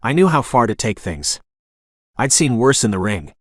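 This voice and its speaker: A man narrating a romance audiobook in first person, with a gruff, dramatic delivery. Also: mid-range voice, sing-song, normal speed, no room sound, clean studio sound.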